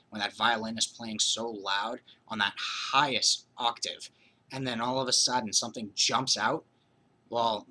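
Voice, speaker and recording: Hoarse man telling a ghost story. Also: on the low side, pushed and bright, slight background noise, low-quality recording. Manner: rambling, full of "you know" and restarts. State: hoarse from being sick. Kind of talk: casual spooky storytelling.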